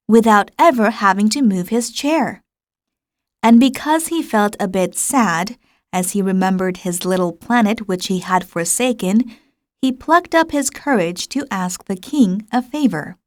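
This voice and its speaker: A woman narrating a classic storybook in a calm, measured way. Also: on the high side, dry recording, clean studio sound. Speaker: audiobook narrator. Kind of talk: scripted narration.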